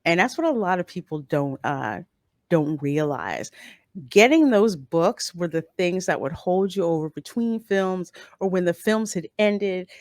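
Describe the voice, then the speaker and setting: A woman speaks a little slowly in an expressive, lowish voice, with clean studio sound and no room echo. As a YouTube channel host reading live chat during a stream review, she's blunt and opinionated, casually restating points to drive them home.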